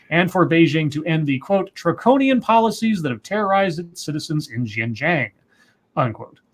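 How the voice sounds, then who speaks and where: Lively high-voiced man reading news. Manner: reads articles aloud with asides and self-corrections. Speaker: co-host. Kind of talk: reading news stories aloud with commentary. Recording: livestream.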